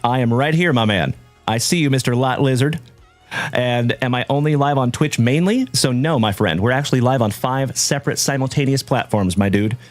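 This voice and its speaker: A man hosting a live trading-card stream, chatting warmly with viewers and giving shout-outs. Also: mid-range voice, normal speed, dry recording, soft background music. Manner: hearty, shout-outs full of "my brother" and "my man". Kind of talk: upbeat livestream chat with viewers.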